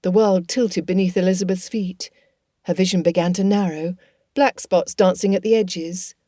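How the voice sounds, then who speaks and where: A woman narrating a novel as an audiobook, reading in a measured, expressive way. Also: on the low side, dry recording, studio quality. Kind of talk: scripted narration.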